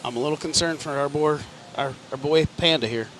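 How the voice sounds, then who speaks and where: A man calling a live race with a bright, forceful voice that sits a little higher than most. He keeps it easygoing and joking, hedging on racers' names. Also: a little fast, a little hiss or hum. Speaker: race commentator. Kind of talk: live event commentary.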